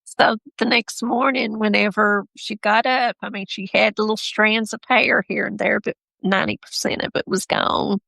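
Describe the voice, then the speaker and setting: A woman's voice: medium pitch, level tone, moderate pace, gravelly, hardly any pauses, bright, forceful tone, no room sound. A woman, a mother and podcast guest, telling a personal story in a rambling, heartfelt way with self-corrections.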